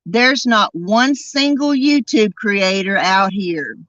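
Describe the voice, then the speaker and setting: A woman hosting a true crime podcast, delivering an indignant, emphatic monologue and drawing out key words slowly. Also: medium pitch, a bit bright, dry recording, muffled recording. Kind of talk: angry commentary monologue.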